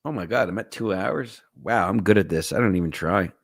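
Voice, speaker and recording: A man's voice: sits low, fairly quick, creaky. A young man hosts a sports podcast livestream, reading viewers' chat aloud and bantering crudely. His talk rambles and keeps joking. The sound is dry and close, with no room echo.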